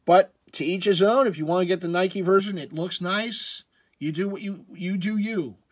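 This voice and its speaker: A man with a slightly high voice talks his way through sports jerseys in a loose, rambling vlog. He drifts between comments and throws in jokey asides. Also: normal speed. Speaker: sports jersey collector vlogger. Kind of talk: casual commentary.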